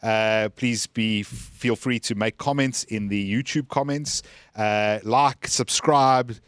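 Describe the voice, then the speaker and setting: A man's voice: on the low side, fairly even intonation, takes it slowly, a bit bright, clear, resonant tone, dry recording, studio quality. Blunt man co-hosting. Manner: blunt, opinionated, joking. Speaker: podcast co-host. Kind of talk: casual political chat.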